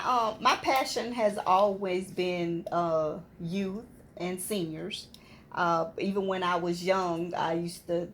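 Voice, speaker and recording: Slow-talking lower-voiced woman guest. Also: a little hiss or hum. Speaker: community organization minister. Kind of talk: interview guest.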